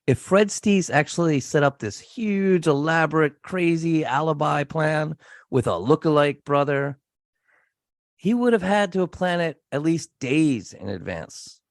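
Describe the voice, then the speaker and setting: A man's voice: a little high, expressive, a little slow, no echo, studio quality. Casual man co-hosting a podcast. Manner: casual, chatty, jokes with co-host. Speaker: podcast co-host. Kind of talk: casual true crime podcast chat.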